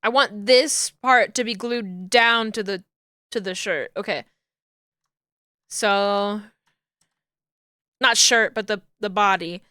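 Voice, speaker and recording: A woman's voice: mid-range voice, slow, pauses often, bright, forceful tone, smooth, no room sound, studio quality. A woman streamer chatting casually while she works, thinking aloud and correcting herself as she goes. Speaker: streamer rigging a 3D model. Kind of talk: casual chat while working.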